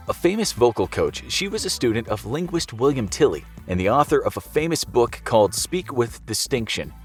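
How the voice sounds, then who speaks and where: Man narrating over soft music. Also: lowish voice. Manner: conversational, asks rhetorical questions. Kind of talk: scripted explainer narration. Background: soft background music.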